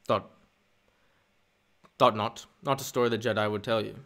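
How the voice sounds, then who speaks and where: A man voicing a scheming old Sith lord who tells a tale in a slow, hushed, insinuating way. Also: fairly low pitch, fairly even intonation, gravelly.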